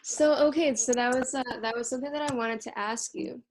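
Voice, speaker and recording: A woman hosting a podcast, asking her guest questions in a quick, chatty way with fillers. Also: a little high, steady tone, noisy background. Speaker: podcast host. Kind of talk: casual conversational interview.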